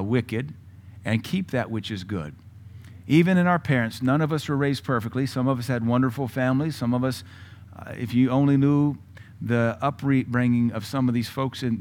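A man preaching to his congregation in a blunt, combative way. His voice sits at an ordinary middle pitch, and he swings between quiet asides and loud, punchy bursts. Now and then he drops into mocking imitations to make a point. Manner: mocking mimicry of other voices. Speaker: pastor. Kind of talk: sermon.

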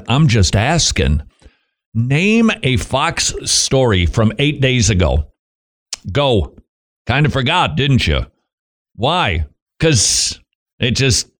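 A middle-aged man hosting Christian radio, giving a devotional talk with joking asides to himself. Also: medium pitch.

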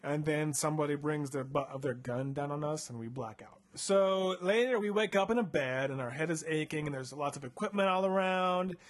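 A man's voice: fairly high pitch, brisk, hardly any pauses. A man co-hosting a casual podcast, retelling a book in a rambling, self-deprecating way with lots of fillers. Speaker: podcast co-host.

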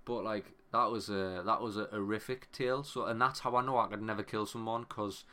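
Guy on a podcast, bright voice, swears a lot, rambling animated story. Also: on the low side, a little fast. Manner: animated, sweary, breaks off and restarts mid-phrase. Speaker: podcast co-host. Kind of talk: casual storytelling chat.

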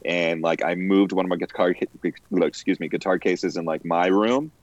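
A man's voice: deep voice, normal speed, no room sound. A man in casual chat, telling stories full of swearing and voiced asides. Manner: profane storytelling, animated quoted asides. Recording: dull lo-fi sound, dry.

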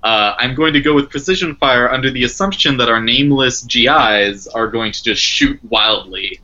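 A man playing a tabletop game, deliberate and pragmatic. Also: mid-range voice, bright, forceful tone. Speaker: player. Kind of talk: casual tabletop game play. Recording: dull lo-fi podcast audio.

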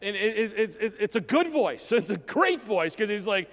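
A man preaches a sermon with a rather high-pitched voice, emotional and animated, often stumbling and restarting his sentences. His voice rings with long reverb through a church hall. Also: normal speed. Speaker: pastor.

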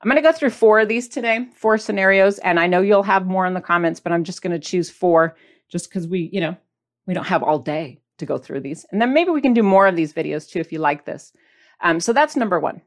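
Her voice is fairly low, animated and brisk as she hosts a diet podcast. Chatting informally, she asks viewers questions, holds products up while talking, and does playful impressions of their reactions.

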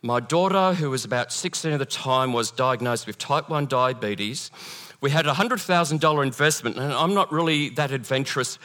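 A middle-aged man preaching a sermon in a lively storytelling manner, acting out the voices he quotes. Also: mid-range voice, normal speed. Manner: animated, acts out quoted voices. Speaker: pastor.

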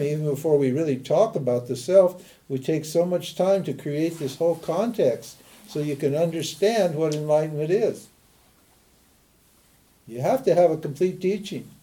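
A spiritual teacher, an older man from Montana, USA, speaks in a slightly high voice with a dark tone. His talk is emphatic and instructive, and he answers the rhetorical questions he puts forward.

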